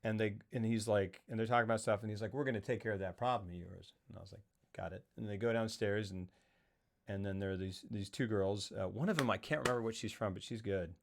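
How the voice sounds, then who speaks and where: A man's voice: lowish voice, fairly even intonation, fast talker, gravelly. A man co-hosting a casual film talk show, rambling and acting out movie quotes in funny voices. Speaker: podcast co-host.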